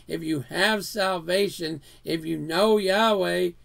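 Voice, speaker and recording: A man's voice: sits high, slow pace, gravelly, fairly bright tone. A man preaching an earnest sermon in a house of worship, reading scripture verses aloud.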